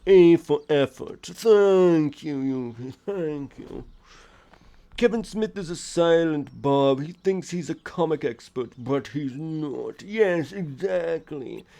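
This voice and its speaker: A man's voice: a little high, expressive, slow pace, creaky, hardly any pauses, dark tone. Rambling man chatting over gameplay. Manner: rambling, self-correcting, opinionated. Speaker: streamer. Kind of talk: casual let's-play chatter.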